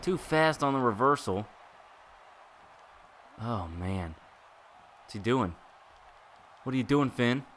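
A man giving excitable live commentary while playing a wrestling video game, groaning and exclaiming at each turn. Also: medium pitch, takes it slowly, long pauses, slight background noise. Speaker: gaming YouTuber.

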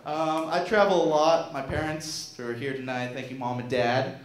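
Young guy doing stand-up, kinda high voice, roomy theater echo. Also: normal speed, background noise. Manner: animated, self-mocking, jumps into silly voices. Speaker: stand-up comic. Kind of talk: stand-up comedy set. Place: small theater stage. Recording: roomy stage sound.

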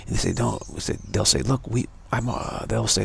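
A man speaks in a low, very raspy voice, giving an unscripted spiritual talk. He circles back on the same phrases again and again, the gravel never leaving his tone. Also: normal speed, fairly bright tone. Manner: repeats phrases over and over. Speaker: spiritual teacher. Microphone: livestream mic.

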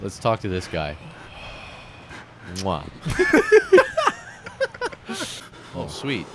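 Rowdy man yelling over a horror game. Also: low-pitched, huge pitch swings, extremely slow, very noisy. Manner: loud joking, swings from mutters to yells. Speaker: game commentator. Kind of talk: casual let's-play banter.

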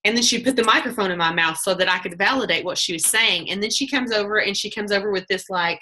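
Bright-voiced chatty woman on a call. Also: mid-range voice, fairly quick. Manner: chatty, animated, acts out quotes, laughs often. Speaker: team leader giving a sales training talk. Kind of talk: casual storytelling pep talk on a video call.

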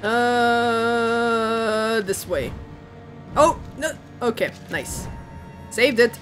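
A woman with a high voice chats her way through a game stream at an unhurried pace, giggling and playfully teasing her viewers. Soft game music plays faintly behind her. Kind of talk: casual live-stream chat.

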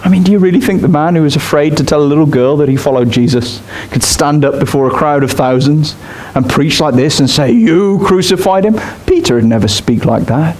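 A man's voice: on the high side, steady tone, brisk, hardly any pauses, darkish tone. A man preaching a sermon in a church, speaking directly and emphatically to his congregation. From Australia. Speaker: pastor.

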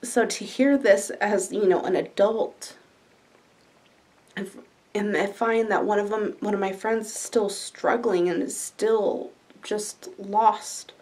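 A woman talking candidly in a personal vlog from her living room, halting at times with fillers. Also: medium pitch, fairly even intonation, darkish tone. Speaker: vlogger. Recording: voice a bit distant from the mic.

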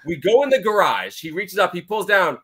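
A man hosting a casual collectors' chat, telling a story in an animated way. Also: high-pitched, brisk, crowd noise. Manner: animated storyteller, acts out dialogue.

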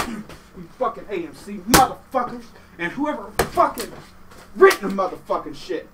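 A man giving an angry, profane comedic rant as a vlogger, shouting and cursing. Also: high voice, very animated, normal speed, very noisy.

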